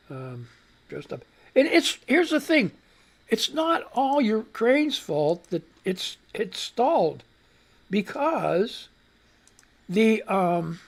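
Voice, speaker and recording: A woman's voice: medium pitch, husky. Woman, radio news host, rambling, exasperated, reads and rants. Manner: rambling, growing angry and exasperated. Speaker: host of a news commentary show. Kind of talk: live radio news commentary.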